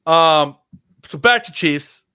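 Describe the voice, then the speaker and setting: A man's voice: fairly high pitch, animated, takes it slowly, sharp tone, clear, resonant tone, dry recording, clean studio sound. A man co-hosting a casual sports podcast, rambling with lots of fillers and restarts. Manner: rambling, filler-heavy, self-correcting. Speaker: podcast co-host.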